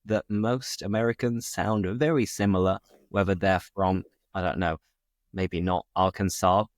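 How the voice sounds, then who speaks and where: A man's voice: low voice, fairly even intonation, unhurried, dry recording, studio quality. A British man hosting a casual chat, upbeat and talkative, explaining expressions as he goes. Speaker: host.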